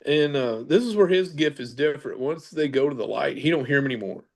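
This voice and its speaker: His medium-pitched voice is expressive, gravelly, a little mellow, and a bit fast as he rambles through paranormal stories on a podcast. He's a Kentucky guest who uses fillers and keeps correcting himself in this casual storytelling.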